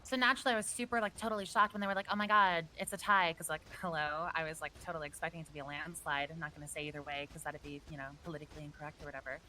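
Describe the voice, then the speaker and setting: Woman doing a chattering valley-girl witness, ditzy, indignant, bright voice, slightly low, faint ambient noise. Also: steady tone, rapid-fire, few pauses, rough recording. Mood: gossipy. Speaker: interviewed witness. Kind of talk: role-play news interview.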